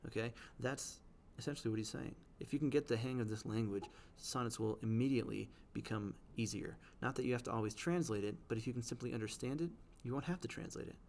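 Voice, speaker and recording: A man teaching, explaining the language of poems in a patient way. He checks in often with "right?" and reads the quoted lines slowly. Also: mid-range voice, vocal fry, a little mellow, a little hiss or hum.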